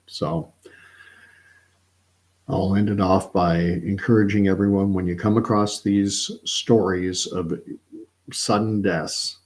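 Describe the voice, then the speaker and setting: Low-voiced man rambling earnestly. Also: fairly even intonation, slow pace, pauses often, darkish tone. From Canada. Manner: rambling, self-correcting, earnest. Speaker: livestream host. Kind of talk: casual opinion monologue.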